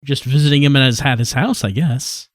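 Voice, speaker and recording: A man's voice: medium pitch, a little fast, no echo, studio quality. A man streaming a video game with casual, joking commentary. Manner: joking, offhand. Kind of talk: casual let's-play commentary.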